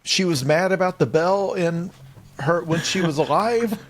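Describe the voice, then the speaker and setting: A man's voice: on the high side, measured pace. A man co-hosting a comedy podcast, recapping a show in a rambling, exasperated way. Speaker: podcast co-host.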